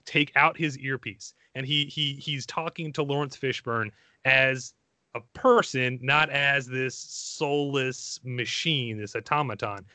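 A man's voice: mid-range voice, slow pace, sharp tone, no echo. A man hosting a podcast, talking enthusiastically and rambling, with frequent restarts and self-deprecating asides. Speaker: podcast host. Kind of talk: casual podcast chat.

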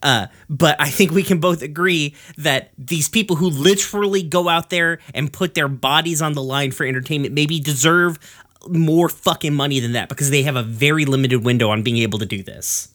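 A man's voice: on the high side, normal speed, a bit bright. A man co-hosting a casual podcast, ranting with heavy swearing. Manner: profane, ranting.

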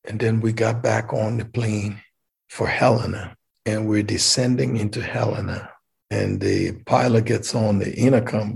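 Gravelly, husky man storytelling. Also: fairly low pitch, unhurried. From Liberia. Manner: animated, acts out dialogue. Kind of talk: personal storytelling.

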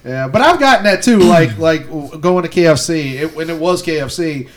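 A man's voice: on the high side, animated, normal speed. A man ranting in a casual podcast chat, emphatic and profane.

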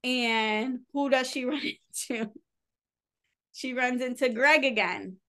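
On a podcast, a woman co-host chats her way through a novel's plot, leaning on fillers and quoting the dialogue. She speaks slowly in a voice that sits high and sounds a bit bright.

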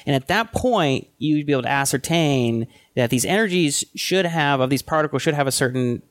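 A man co-hosting a casual tech podcast, thinking aloud in a loose, halting way with frequent restarts. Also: a little high, animated, no room sound. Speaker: podcast co-host.

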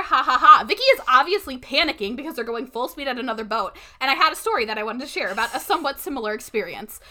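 A woman's voice: a little high, sharp tone. A young woman co-hosting a casual chat, recapping a story and acting out the characters' lines. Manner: chatty, acts out characters' lines with swearing.

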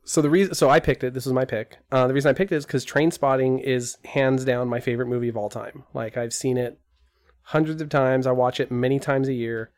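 A man's voice: medium pitch, fairly even intonation, brisk, a little mellow, no room sound. A man co-hosting a podcast in casual chat, rambling with jokey asides. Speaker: podcast co-host.

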